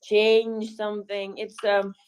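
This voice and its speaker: A woman's voice: medium pitch, flat delivery, slow, a little mellow, clean tone, poor audio. Woman talking with many fillers. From Ukraine. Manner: thoughtful, many fillers and restarts, dry humor. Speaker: volunteer speaker. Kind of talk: casual chat in a live audio room.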